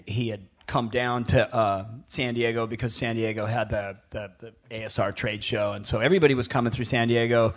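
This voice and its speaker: Guy in his 50s swearing a lot, laughing thru his stories, lots of restarts, ordinary pitch. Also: fairly even intonation, brisk, few pauses. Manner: profane, laughing, rambling with restarts. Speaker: guest, former pro surfer. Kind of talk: casual storytelling.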